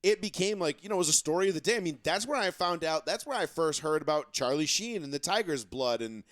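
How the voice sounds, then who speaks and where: A man's voice: on the high side, lively intonation, fast talker, dry recording, clean studio sound. Profane, rambling male podcast co-host. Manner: profane, rambling, many restarts. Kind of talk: casual chat. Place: studio.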